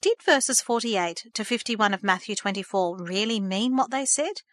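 A woman reading a story aloud in a measured, gentle storytelling manner. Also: medium pitch, no room sound, studio quality. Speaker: narrator. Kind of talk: scripted storybook narration.

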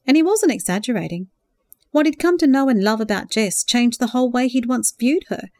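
A woman narrating a romance novel in a calm, even storytelling voice. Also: fairly high pitch, a little fast, no echo. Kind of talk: scripted audiobook narration.

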